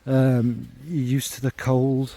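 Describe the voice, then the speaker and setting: This is a middle-aged man who talks casually and wanders off on asides. He makes fun of himself often and fills his pauses with ums. His voice is warm and mellow and sits at an ordinary pitch. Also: little pitch movement. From North Midlands of England. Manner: rambling, self-deprecating, full of ums and asides. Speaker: fragrance vlogger. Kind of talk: casual spoken monologue.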